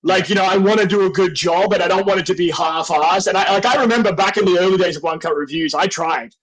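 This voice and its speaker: Aussie guy w a light accent, kinda high voice, goofy and jokey, just chatting casually. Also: fast, poor audio. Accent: mild Australian. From Australia. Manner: goofy, joking, self-deprecating. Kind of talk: casual chat.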